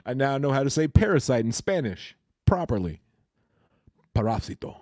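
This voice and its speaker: A man's voice: medium pitch, sing-song, normal speed, a little mellow, no echo, studio quality. A man hosting a casual live stream, laughing often as he greets and answers his chat. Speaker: crypto live-stream host.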